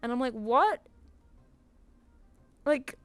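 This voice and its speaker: A woman's voice: medium pitch, normal speed, a little mellow, dry recording. A young woman chatting casually on her drawing stream, laughing often and swearing lightly. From United Kingdom.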